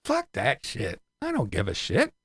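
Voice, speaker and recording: A man rants to his viewers in a heated, profane voice that mocks as it goes. His pitch jumps around with a lot of life. The sound is dry and close, with no room around it. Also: big pitch swings, moderate pace, dry recording. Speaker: YouTuber. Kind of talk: angry rant to viewers.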